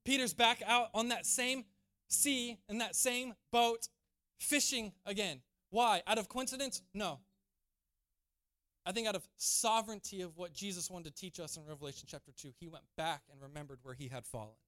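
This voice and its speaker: A man's voice: sits high, normal speed, bright, forceful tone. A man preaching a sermon, acting out quoted lines and building to emphatic peaks. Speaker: pastor.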